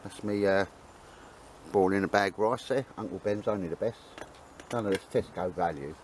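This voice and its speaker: A man with a fairly low voice chats to the camera while cooking outdoors in the woods. He rambles cheerfully and tosses in tag questions and asides to a friend. A faint outdoor ambience sits behind him. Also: moderate pace, slight background noise. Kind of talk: casual chat to camera. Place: outdoors in woodland.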